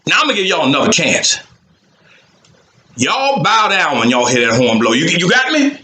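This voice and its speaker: Brief: man playing a loud blustering king, bright, forceful voice. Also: fairly high pitch, sing-song, normal speed, reverberant. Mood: threatening. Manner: loud, blustering, shouting orders. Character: furious proud ancient king, man.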